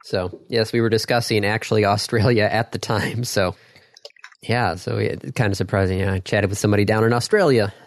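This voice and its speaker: A man co-hosting a podcast in casual chat, relaxed and chatty with a playfully stubborn streak. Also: on the low side, fairly quick. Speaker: podcast co-host.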